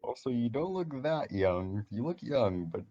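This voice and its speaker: A man narrating as game master in a casual tabletop session, with halting restarts. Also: medium pitch, sing-song, dark tone, lo-fi sound.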